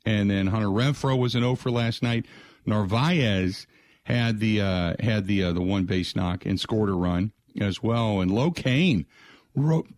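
A man's voice: fairly low pitch, a little slow, darkish tone, no echo. A man hosting a sports radio show, talking casually through last night's game with plenty of fillers. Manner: conversational, frequent "uh" fillers, rattles off game stats. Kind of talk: sports talk radio monologue.

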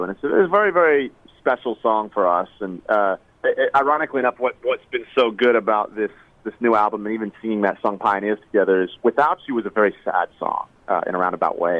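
A man being interviewed who speaks earnestly in a halting way, with frequent restarts, about personal struggles. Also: on the low side, no room sound, phone-quality sound. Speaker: interviewed singer.

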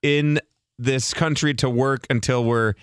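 A man co-hosting a radio show in casual, joking banter, often slipping into quick impressions. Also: mid-range voice, fairly even intonation, clear, resonant tone, no echo, studio quality. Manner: jokey, slips into quick impressions.

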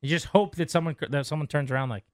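A man's voice: fairly high pitch, quick pace, no echo, clean studio sound. A man hosting a sports radio show, teasing his co-host, reading promos and taking calls. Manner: wry, teasing, reads promos and takes calls.

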